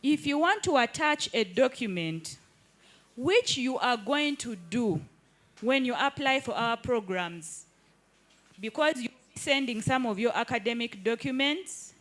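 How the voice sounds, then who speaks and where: High-voiced, slow-paced woman trainer. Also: animated, a bit bright. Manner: interactive, keeps checking understanding with the group. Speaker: digital skills trainer. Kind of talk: live hands-on workshop teaching. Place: indoor training room with participants at tables.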